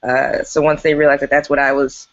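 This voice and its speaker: A woman's voice: extremely low pitch, little pitch movement, a little fast, dull audio. A woman who runs an improv theater, chatting casually and laughing on a video call.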